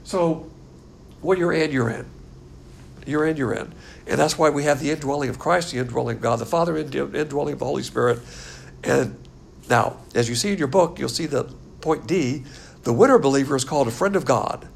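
A man's voice: medium pitch, fairly quick, vocal fry, slight background noise. An older man teaching a Bible class as a pastor, blunt and scornful in manner. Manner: blunt, scornful, animated lecturing.

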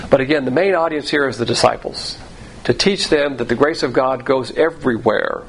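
A man's voice: medium pitch, fairly quick, vocal fry, slight background noise, rough recording. A man teaching the Bible verse by verse in a conversational way, repeating phrases and restarting sentences.

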